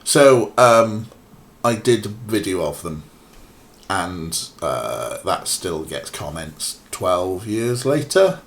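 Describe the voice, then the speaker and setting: A man's voice: sits low, sing-song, slow pace, gravelly, slight background noise. A man with a mild Welsh accent casually commenting on a game he plays for his chat. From Wales. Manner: chatty, joking, asides to chat. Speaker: streamer. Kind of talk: casual let's-play commentary.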